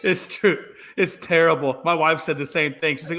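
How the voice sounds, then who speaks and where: A man co-hosting a casual sports talk show, joking loudly and drawing out emphatic phrases. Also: fairly high pitch. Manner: joking, loud and blustery, drawn-out emphatic phrases.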